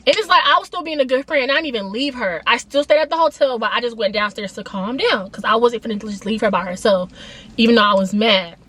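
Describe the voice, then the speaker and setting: A young woman with a bright, high voice tells a story straight to her viewers. Her delivery is animated and emphatic, full of casual slang. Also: quick pace. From Atlanta, USA. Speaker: vlogger. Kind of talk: storytime vlog, casual retelling.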